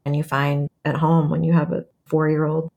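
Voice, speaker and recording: A female playwright and memoir author, appearing as an interview guest, reflects thoughtfully and acts out quoted voices with animation. Her voice is low, gravelly and a little mellow, with flat delivery at normal speed.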